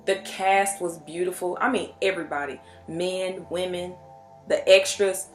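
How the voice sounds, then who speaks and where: A young woman chatting excitedly through a casual movie review, full of restarts and asides. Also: lowish voice, a little slow, faint music behind.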